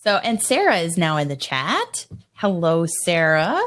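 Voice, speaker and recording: A woman co-hosting a podcast, upbeat, chiming in with quick remarks and greeting listeners. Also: fairly low pitch, big pitch swings, a bit bright. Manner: upbeat, quick interjections, reads chat aloud. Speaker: podcast co-host. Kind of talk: casual chat.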